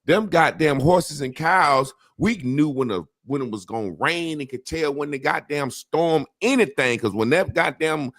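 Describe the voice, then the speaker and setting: A man hosting a casual talk show, telling rambling profane stories with animated impressions. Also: on the high side, moderate pace, few pauses, no echo, clean studio sound. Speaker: podcast host. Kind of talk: casual chat.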